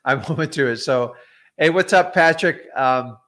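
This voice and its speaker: A man's voice: mid-range voice, a little slow, a bit bright. A middle-aged man, a real estate investor, teaching wholesaling in a casual livestream, blunt and chatty with frequent ums and asides.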